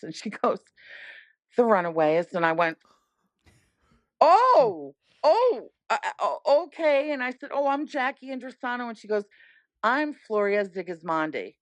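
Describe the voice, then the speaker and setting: A middle-aged woman telling a story as a podcast guest in casual chat, animated and acting out the voices she quotes. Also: fairly low pitch, dry recording.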